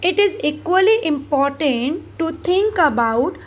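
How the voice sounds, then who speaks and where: A woman with an Indian English accent, a school history teacher, reading textbook passages aloud slowly and carefully in a recorded lesson. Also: very high voice, lively intonation.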